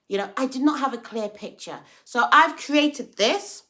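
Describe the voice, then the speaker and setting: A woman talking casually in a livestream about faith, chatty and animated, acting out little quoted exchanges. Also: on the high side, moderate pace. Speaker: vlogger sharing faith reflections.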